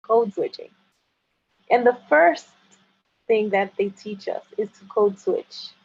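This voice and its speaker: A woman guest in a casual chat who talks in halting bursts with many restarts and likes to tease. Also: mid-range voice, vocal fry, a little mellow, breathy edge. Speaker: interview guest. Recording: dull lo-fi sound.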